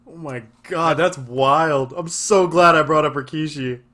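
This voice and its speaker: A man's voice: fairly high pitch, unhurried, sharp tone. A man hosting a podcast, chatting casually and in a laid-back way over a video call. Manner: laid-back, laughs along. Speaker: podcast host. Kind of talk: casual chat.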